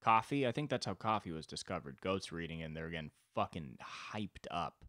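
A man's voice: low voice, expressive, brisk, fairly bright tone, dry recording, clean studio sound. A young man hosting a solo comedy podcast, talking in a crude, rambling, sweary way. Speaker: podcast host.

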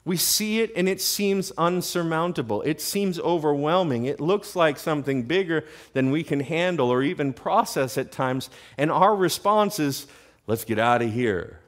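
A man's voice: fairly high pitch, normal speed, hardly any pauses. A man preaching an evening sermon in a church, rising to emphatic questions.

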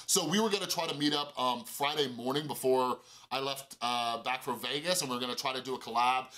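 A man telling a casual storytime vlog, animated and full of fillers, acting out quoted dialogue in a higher voice. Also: a little fast, poor audio. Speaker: YouTuber.

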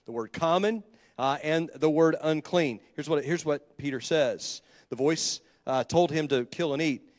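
Unhurried and a little high-pitched, a male pastor delivers a sermon in a conversational style, correcting himself and questioning the congregation. He holds a handheld microphone, and the church sanctuary adds long hall reverb.

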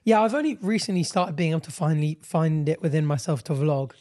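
A young man co-hosting a podcast in casual chat, animated and quick to mimic voices in his stories. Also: on the high side. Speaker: podcast co-host.

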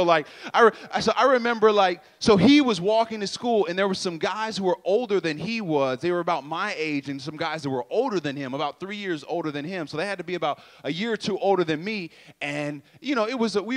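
A man's voice: high voice, fairly bright tone. A young man preaching a sermon in a loose, storytelling way, acting out voices and making sound effects. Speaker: youth preacher.

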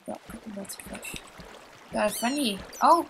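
A woman's voice: medium pitch, unhurried, vocal fry, faint music behind, poor audio. A woman hosting a let's play, chatting to herself as she plays and getting easily startled. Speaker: gaming channel host.

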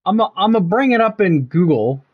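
A man's voice: high voice, sing-song, moderate pace, slightly rough, lo-fi sound. A man chatting casually with viewers while he plays a game on a live stream, loose and joking, swearing freely.

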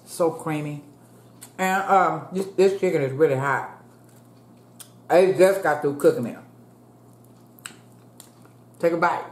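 Low, slow-talking woman in her fifties. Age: 50s. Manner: chatty, calls the viewers "y'all", prays aloud. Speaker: food vlogger. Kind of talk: casual eating chat to viewers. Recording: echoey room.

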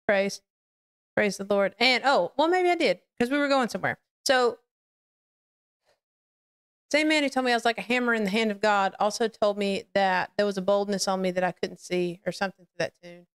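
Smooth-voiced woman hosting a live faith podcast. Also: medium pitch. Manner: candid, rambling, confessional; greets the live chat. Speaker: podcast host.

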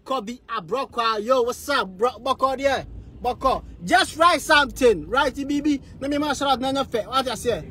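A man with a Ghanaian accent hosting a podcast, talking in an energetic, casual way and giving shout-outs to listeners. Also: very high voice, moderate pace, slightly rough. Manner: energetic, switches between Twi and English. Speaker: podcast host.

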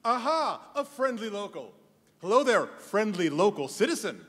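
Man, high animated voice, a bit husky, reverberant hall. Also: normal speed. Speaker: sketch performer as Themer. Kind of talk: comic stage sketch. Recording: live stage mic in a hall.

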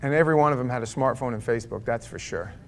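A man's voice: medium pitch, rapid-fire, slight background noise. A man preaching a sermon as pastor of a church, telling stories in a conversational way and firing off rhetorical questions.

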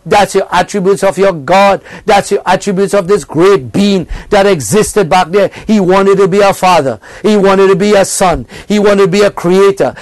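A man's voice: sits high, dry recording. A man preaching a church sermon with fervor, reading quoted passages aloud and punctuating them with frequent amens and hallelujahs. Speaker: pastor. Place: church service.

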